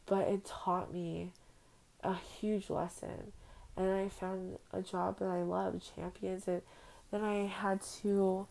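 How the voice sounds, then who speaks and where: A young woman speaks into her phone at home for her own podcast, in a heartfelt, rambling personal monologue. Her voice is gravelly and dark. She talks slowly and flatly, without much rise and fall. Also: mid-range voice, rough recording. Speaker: podcast host. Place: at home on a bed.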